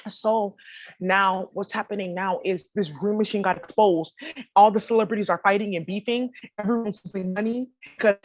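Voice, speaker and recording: A woman's voice: mid-range voice, steady tone, moderate pace. A woman vlogger talking casually to her viewers, swearing freely and rambling in slangy asides. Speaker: spiritual vlogger.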